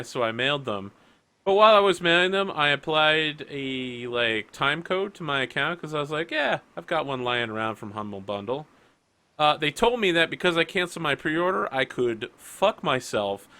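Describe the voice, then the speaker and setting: A man running a tabletop game, chatting casually and ranting with lots of swearing before play starts. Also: a little high. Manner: ranting, profane, animated storytelling. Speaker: game master.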